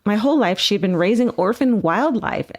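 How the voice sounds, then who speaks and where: A woman co-hosting a podcast, reading a listener's story aloud in an animated, laughing way. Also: mid-range voice, moderate pace. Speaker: podcast co-host. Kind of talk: casual podcast chat, reading a listener email.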